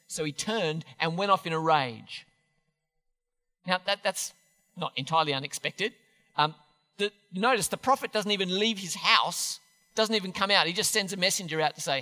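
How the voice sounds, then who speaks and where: A man's voice: high-pitched, moderate pace, sharp tone, big-room sound. A man preaching a sermon in a church, chatty and self-deprecating, often restarting his sentences. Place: church hall.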